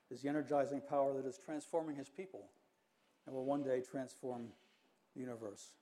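Older male preacher, measured and earnest, warm mellow tone, slightly raised pitch. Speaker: pastor. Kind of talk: sermon.

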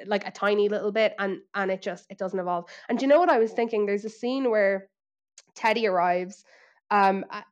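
An Irish woman co-hosting a podcast in casual chat, telling animated stories and putting on exaggerated impressions. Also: mid-range voice, dull audio. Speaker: podcast co-host.

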